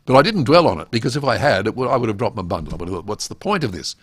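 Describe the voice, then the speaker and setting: A man's voice: fairly low pitch, sing-song, very fast, breathy edge, no echo. A middle-aged man giving a webinar lecture on public speaking, emphatic and full of rhetorical questions.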